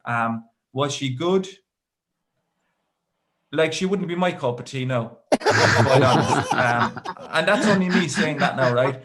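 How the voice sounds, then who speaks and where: A man's voice: medium pitch, lively intonation, a little slow, a bit bright. Irish man telling rambling stand-up stories. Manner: rambling storytelling with dry asides. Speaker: stand-up comedian. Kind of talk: stand-up comedy set.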